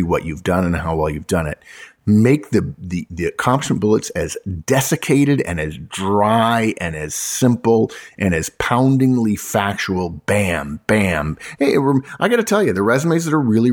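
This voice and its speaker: Male recruiter type, low husky voice, lively swooping delivery, punchy and emphatic. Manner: emphatic, punchy, repeats points for effect; addresses listeners as folks. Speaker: recruiter giving resume advice. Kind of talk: emphatic advice talk.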